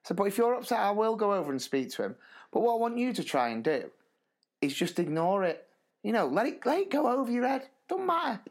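A man's voice: high voice, quick pace, gravelly. Male teacher co-host, chatty storyteller, voice leaps up and down. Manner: animated, laughs through stories. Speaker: podcast co-host, primary school teacher. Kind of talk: casual storytelling chat.

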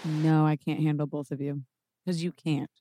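A woman's voice: deep voice, flat delivery, normal speed, warm tone, faint music behind. A woman co-hosting a podcast in casual banter, pushing back bluntly and teasing her co-host.

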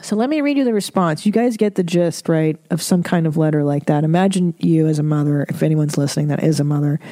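A woman's voice: low voice, dark tone, dry recording. A woman hosting an advice podcast, talking candidly and emotionally, swearing freely as she reads listener letters aloud. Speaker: podcast host. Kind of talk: casual advice podcast monologue.

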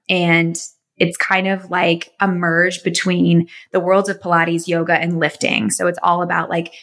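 In this casual interview chat, a woman in her thirties with a fairly low, slightly bright voice comes across as an enthusiastic, chatty guest. She works as a physical therapist and owns a fitness business.

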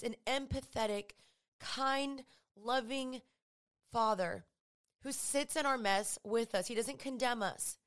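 A woman's voice: fairly high pitch, fairly bright tone. A woman hosting a podcast, talking earnestly and conversationally about faith, often repeating phrases for emphasis. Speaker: podcast host. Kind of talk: casual faith talk.

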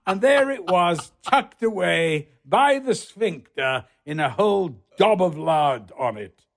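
A man telling a colorful anecdote as an interview guest, theatrical and animated, acting out other people's voices and swearing freely. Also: sits high, takes it slowly, vocal fry. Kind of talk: anecdotal storytelling.

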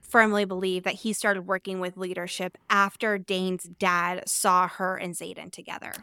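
Young female podcast co-host, earnest and opinionated; smooth, dry, close-mic voice. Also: fairly low pitch, flat delivery, moderate pace, sharp tone, no echo. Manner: earnest, theorizing, firm opinions. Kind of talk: casual book discussion.

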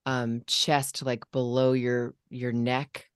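Low-voiced woman coaching parents. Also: slow pace, smooth, no echo, studio quality. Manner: demonstrates vocal registers and calm commands. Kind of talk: casual podcast conversation.

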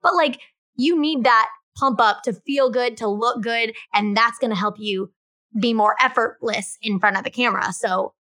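Bright, animated woman podcast co-host. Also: on the high side, normal speed, no room sound, studio quality. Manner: animated, acts out quotes with exaggerated enthusiasm. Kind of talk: casual chat.

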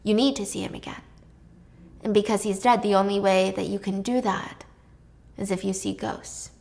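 A woman's voice: mid-range voice, fairly even intonation, moderate pace, gravelly, a little mellow, close to an everyday voice. A woman voicing a frustrated male psychiatrist who presses and dismisses his patient. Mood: probing.

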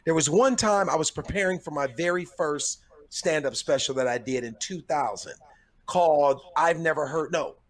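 Man comedian, podcast host, somewhat high voice, relaxed storyteller. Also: moderate pace. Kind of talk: casual storytelling chat.

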